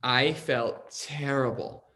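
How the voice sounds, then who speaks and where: A young man talks through a personal story on a podcast in loose, casual chat. He leans on "like" constantly and stays earnest, and his voice sits at an ordinary middle pitch. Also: steady tone, slow pace, sharp tone. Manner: rambling, heavy use of "like", earnest. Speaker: podcast host telling his own story.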